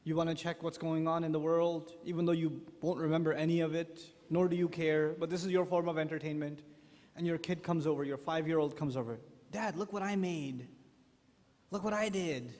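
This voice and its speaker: Animated male preacher in an echoey hall. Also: fairly high pitch, brisk. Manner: animated, acts out quotes. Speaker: preacher addressing parents. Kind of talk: humorous sermon talk. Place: large hall with live audience.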